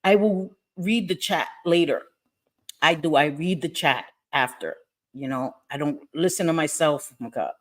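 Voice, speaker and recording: A woman's voice: sits low, normal speed. Woman, middle-aged, crying, apologetic, repeats phrases, livestream host. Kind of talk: emotional personal livestream.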